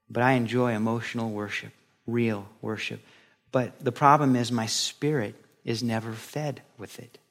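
A man's voice: medium pitch, a bit bright. A male pastor giving a sermon in a conversational style, acting out quoted voices as he goes.

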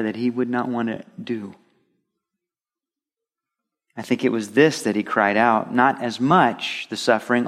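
A man preaching a sermon, swinging between emphatic loud stresses and soft drops. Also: medium pitch.

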